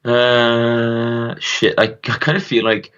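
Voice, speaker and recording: A man co-hosting a podcast in casual chat, with dry, teasing deadpan remarks. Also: medium pitch, slow, smooth, highs cut off. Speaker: podcast co-host.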